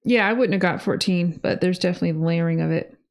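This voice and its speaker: A woman's voice: fairly low pitch, quick pace, vocal fry. A woman co-hosting a music reaction show who chats casually, teases her co-host and asks playful questions. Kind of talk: casual chat reacting to songs.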